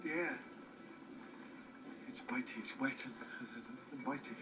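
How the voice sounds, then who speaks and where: A man's voice: mid-range voice, a little slow, over music, natural voice, rough recording. An actor with a Scottish accent playing a freshly changed, eccentric male alien who rambles and jumps between thoughts. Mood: baffled rambling. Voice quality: rambling, excitable, jumpy. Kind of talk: film drama dialogue.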